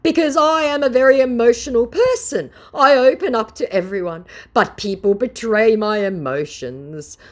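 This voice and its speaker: A woman voicing a whiny, pleading male online scammer in a high, exaggerated mocking tone. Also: normal speed, hardly any pauses, close to an everyday voice.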